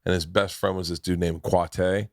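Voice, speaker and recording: A man telling a story in a casual chat, acting out quoted voices loudly as he goes. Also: deep voice, moderate pace, no room sound, clean studio sound. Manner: animated storyteller, acts out loud quoted voices. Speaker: comedian podcast co-host.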